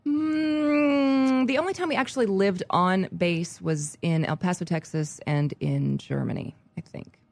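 A woman chatting casually on a podcast, animated and quick to laugh, raised on Army bases around the United States. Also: lowish voice, gravelly, no echo. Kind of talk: casual chat.

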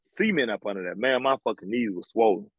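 Dude telling old basketball stories, cussing a lot, low husky voice, dry close mic. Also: male voice, quick pace, no room sound, muffled recording. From American South. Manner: blunt, profane, animated storytelling. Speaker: former college basketball player, guest. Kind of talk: casual storytelling interview.

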